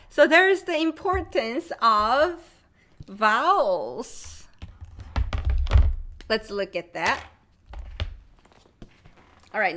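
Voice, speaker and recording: A woman's voice: on the high side, lively intonation, slow pace, pauses often, pushed and bright. A woman with a Korean accent teaching Korean vowels in a live online class, reading viewer comments aloud and drilling each sound by repeating it. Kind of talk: live-streamed language lesson.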